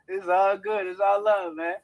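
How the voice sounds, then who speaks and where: A man's voice: high voice, low-quality recording. A man, a professional boxer, talking in a laid-back way on a video call, stammering a little and pushing back. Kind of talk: heated call with a trainer. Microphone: video call audio.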